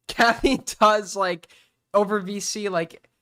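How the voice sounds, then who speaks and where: A man's voice: high-pitched, fairly even intonation, takes it slowly, pushed and bright, clean tone. A man hosting a stream, making incredulous, mocking asides about a call debate. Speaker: streamer host. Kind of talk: reacting to a live call debate.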